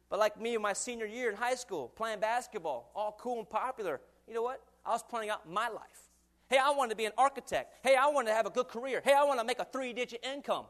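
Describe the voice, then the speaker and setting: Young man, preacher, high voice, lively sermon delivery, chuckles between points. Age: 20s. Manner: animated, acts out quoted voices, chuckles often.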